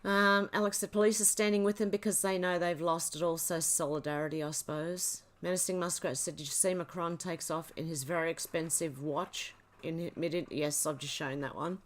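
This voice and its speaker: Aussie woman on a livestream, chatty, reading comments out loud and laughing a lot. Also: fairly low pitch, steady tone, normal speed, hardly any pauses. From Australia. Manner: chatty, reads comments aloud, laughs often. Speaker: livestream host. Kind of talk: casual livestream chat reading out viewer comments.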